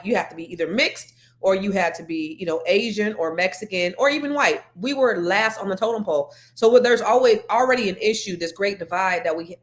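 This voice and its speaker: A middle-aged woman from California hosting a panel discussion, frank and animated, with many restarts. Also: medium pitch. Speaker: podcast host.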